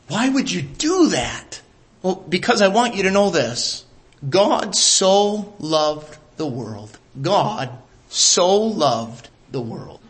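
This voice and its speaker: Guy preaching a sermon, kinda high voice, swings from hushed to loud and emphatic. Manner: emphatic, drops to a hush then rises.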